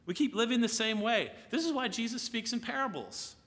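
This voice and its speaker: A man's voice: very high-pitched, expressive, a little fast, fairly bright tone. A man preaching a sermon in a conversational way, often checking in with his listeners by asking "right?". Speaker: pastor. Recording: long hall reverb.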